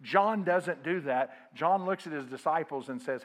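Fairly high-voiced preaching male pastor. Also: unhurried. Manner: preaching with call-and-response, swinging from loud to quiet. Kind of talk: sermon.

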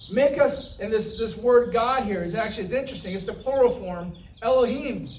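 A man's voice: high-pitched, fairly quick, darkish tone, slight background noise. A man preaching a sermon in a conversational way, often checking in with "right?" and acting out the complaining Israelites in a voice of their own. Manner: conversational, asks the room "right?"; acts out the Israelites' complaints in a whiny voice. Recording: roomy, from far off the mic.

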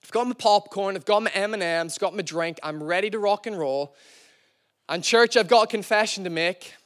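Male pastor, young adult, pitched high; jokey, self-mocking storyteller who keeps addressing the congregation. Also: normal speed, a bit bright. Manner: playful, self-deprecating storyteller, calls to the church. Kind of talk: sermon with storytelling.

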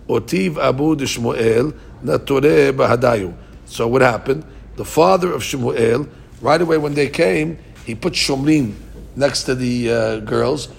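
Gravelly-voiced man teaching Talmud. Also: mid-range voice. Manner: translates Aramaic phrase by phrase with frequent restarts. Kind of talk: Talmud study lesson.

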